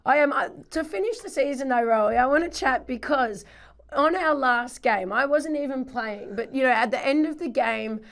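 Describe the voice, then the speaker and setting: A croaky woman co-hosting a chatty podcast, laughing often. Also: high-pitched, lively intonation, moderate pace. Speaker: podcast co-host. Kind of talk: casual chat.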